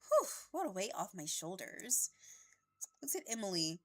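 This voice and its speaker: A woman streamer reading a dating-sim game aloud in a casual, low-key way. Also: sing-song, normal speed.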